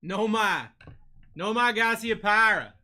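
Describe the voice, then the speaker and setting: Bright, high-voiced New England man streaming. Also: takes it slowly. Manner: lively, calls out names, chats with viewers. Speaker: card-break streamer. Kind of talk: live-stream chat while opening cards.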